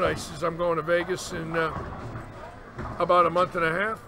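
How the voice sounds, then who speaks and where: Speaking at a moderate pace in a high voice, this sixty-something bowling commentator relates lengthy stories in a relaxed chat. He brings them to life by acting out the quotes, though there's noticeable background noise on the recording.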